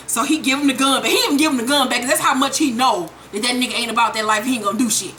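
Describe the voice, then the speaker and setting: A woman giving a casual, profane, animated recap of a TV episode. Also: a little high, rapid-fire, hardly any pauses, a little hiss or hum. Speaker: TV recap vlogger.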